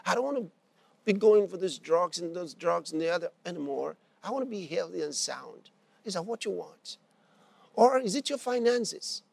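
A man's voice: high voice, animated, moderate pace, vocal fry, a little mellow, breathy edge, dry recording. A man preaching a sermon, telling a story and acting out its characters' lines, repeating phrases for emphasis.

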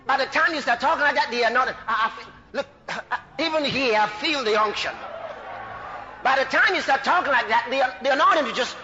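Preacher, male, high sharp voice, fervent and shouting, lo-fi recording. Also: expressive, a little fast. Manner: fervent, laughing, bursts into shouts. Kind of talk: sermon. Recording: dull lo-fi recording with faint music.

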